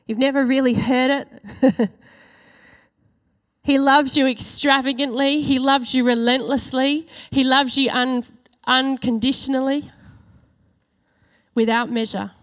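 A woman with a high, light voice delivers a church sermon. She is earnest and emphatic, leaning on key phrases and drawing them out slowly for weight. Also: fairly even intonation, fairly bright tone. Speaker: preacher.

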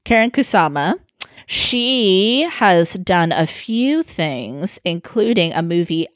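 A woman's voice: fairly low pitch, lively intonation, slow pace, no room sound, studio quality. A young woman co-hosting a podcast, telling a story in casual chat, with many "like" fillers, frequent laughs and swearing. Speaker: podcast co-host.

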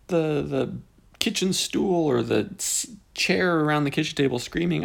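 A man in his forties hosts a podcast in a loose, joking monologue full of tangents and playful asides. His voice is gravelly and slightly husky. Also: a little high, normal speed. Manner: animated, jokey, wandering into tangents. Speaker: podcast host. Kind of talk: casual rambling podcast monologue.

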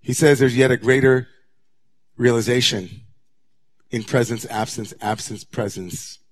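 A man, a rabbi, preaching a sermon to his congregation, moving from hushed near-whispers to raised, intense passages. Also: mid-range voice, steady tone, a little slow. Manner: dramatic, swings from hushed to raised voice.

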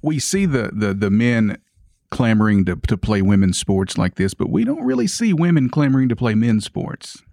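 Low gravelly guy chiming in as co-host, bit hesitant, dry sound. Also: big pitch swings, normal speed, mellow, dry recording. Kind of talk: casual chat.

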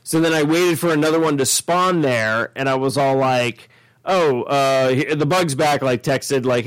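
A man's voice: medium pitch, measured pace, smooth, no echo, low-quality recording. Dry-voiced chatty man hosting a podcast. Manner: chatty, rambling storyteller. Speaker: podcast host. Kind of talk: casual chat.

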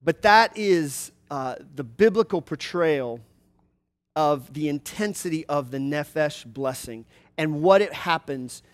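A man's voice: a little high, lively intonation, slow pace. A man preaching a sermon, retelling a story with conversational, explanatory asides.

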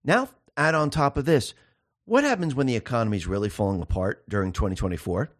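A man speaks in a solo political commentary show, and his voice swings widely up and down as he makes his case. He keeps asking his listeners rhetorical questions and repeats key words for emphasis. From time to time he slows down to read passages aloud. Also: medium pitch, animated. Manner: reads quoted passages aloud.

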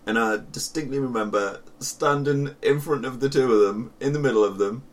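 Sunderland man telling an animated story. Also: mid-range voice, brisk, distant mic. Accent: Northern English (Sunderland). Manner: animated storytelling, swearing, laughing. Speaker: podcast co-host. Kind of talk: casual chat.

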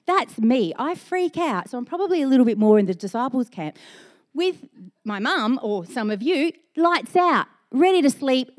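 A woman pastor preaching a sermon in a lively, storytelling way, laced with self-mocking humor. Her voice sits a bit high and swoops widely as she talks. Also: moderate pace.

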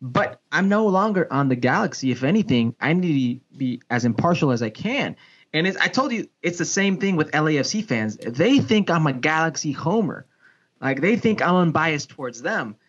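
Animated male sports broadcaster, lo-fi audio. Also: normal speed, slightly rough. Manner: animated, swinging pitch, frequent restarts. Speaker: sports broadcaster and former pro soccer player. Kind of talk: casual podcast storytelling. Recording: dull lo-fi podcast audio.

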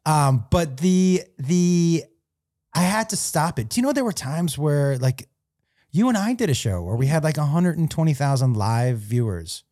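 A comedian guest chatting casually on a podcast, loose, playful and often laughing. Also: male voice, on the high side, expressive, normal speed, warm tone.

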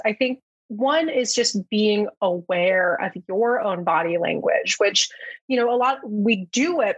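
A woman's voice: mid-range voice, husky, dry recording, lo-fi sound. A young woman working as a speech-language pathologist, chatting casually as a guest and often saying "like" and "you know". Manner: relaxed, with many "like" and "you know" fillers. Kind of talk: casual podcast chat.

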